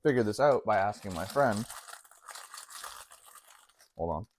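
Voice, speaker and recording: A man's voice: lowish voice, animated, unhurried, a little hiss or hum. A man vlogging about fitness in a casual, slangy way, full of "like" and "honestly.". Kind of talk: casual talk to camera.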